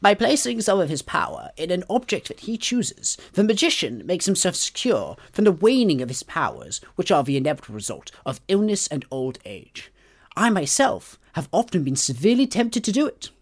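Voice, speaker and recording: A prim, fussy old gentleman magician, put on by a man speaks in a stuffy professorial way. The voice sits noticeably higher than plain talk, hushed and breathy, almost whispered. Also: very animated, moderate pace, full character voice. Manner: stuffy, precise reading.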